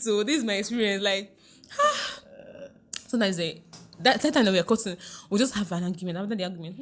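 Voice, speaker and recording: This middle-aged Nigerian relationship coach, interviewed for a podcast, talks brightly and laughs a lot, frequently asking if you follow her. She speaks briskly at a medium pitch.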